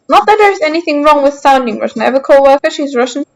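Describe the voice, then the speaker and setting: A woman's voice: sits high, expressive, fast talker, hardly any pauses, rough recording. A young woman streaming a game from her sofa at home, chatting casually and answering her chat aloud in a playful, defensive way. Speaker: gaming streamer.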